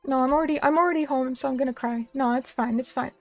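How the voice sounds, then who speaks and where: Young streamer girl, high voice, chatty and rambly, dry close mic with soft music behind. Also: steady tone, fast, no echo. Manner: chatty, rambling, self-deprecating. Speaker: vtuber streamer. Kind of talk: casual chat reading stream comments. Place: small room at a little table.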